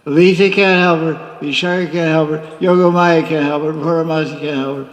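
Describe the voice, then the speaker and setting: A man's voice: a little high, brisk. Man teaching a devotional class, echoey hall. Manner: lively, teasing storyteller. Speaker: spiritual teacher.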